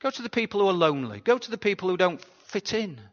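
A pastor giving a sermon in a chatty, conversational way, often asking the congregation rhetorical questions. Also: male voice, high-pitched, very animated, quick pace. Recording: dull sound with long hall reverb.

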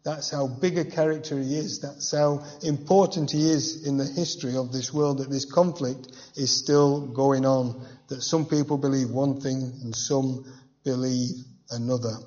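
A man's voice: medium pitch, steady tone, measured pace, warm tone. A man preaching a verse-by-verse Bible teaching in a conversational way, with personal asides and rhetorical questions. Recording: dull, reverberant hall sound.

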